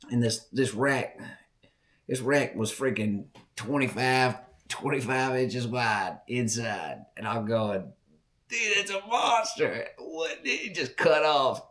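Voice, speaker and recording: Podcast host, man, Southern drawl, folksy and animated storyteller who repeats himself for emphasis, mid-range voice. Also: medium pitch. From Southern Virginia. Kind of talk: casual storytelling.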